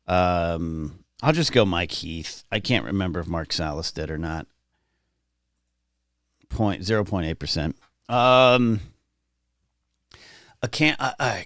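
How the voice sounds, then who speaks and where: A man's voice: lowish voice, fairly bright tone, smooth, no room sound, studio quality. Chatty man hosting a livestream. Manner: chatty, rambling, reads chat aloud. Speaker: livestream host. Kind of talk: casual livestream chat. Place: home, in California.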